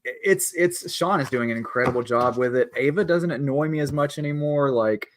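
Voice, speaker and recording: A man's voice: mid-range voice, normal speed, a little hiss or hum. A man co-hosting a podcast, chatting casually and trailing off into restarts. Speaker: podcast co-host. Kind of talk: casual chat.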